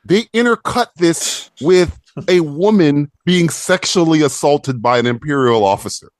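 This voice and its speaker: A man's voice: a little slow, no echo. Guy ranting on a podcast, voice jumps all over, cussing a lot, dry close mic. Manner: animated, profane, mocking with squeaky put-on voices. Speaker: podcast co-host. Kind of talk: casual ranting podcast chat.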